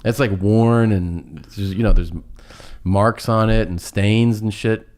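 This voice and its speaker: A man's voice: lowish voice, unhurried, background noise. A man telling a long rambling anecdote on a podcast, laughing at himself as he goes. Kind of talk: casual storytelling.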